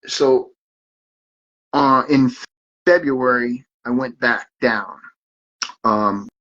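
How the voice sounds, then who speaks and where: Halting man on a dull lo-fi recording. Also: medium pitch, a bit bright. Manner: halting, repeats words and restarts. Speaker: podcast host. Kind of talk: casual monologue, reading out messages. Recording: dull lo-fi sound.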